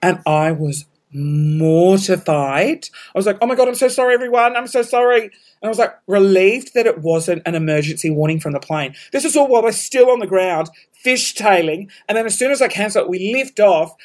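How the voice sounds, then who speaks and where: An Australian man hosting a podcast, telling a story in casual talk, animated, swearing freely and laughing at himself. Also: high voice, normal speed, hardly any pauses. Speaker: podcast host.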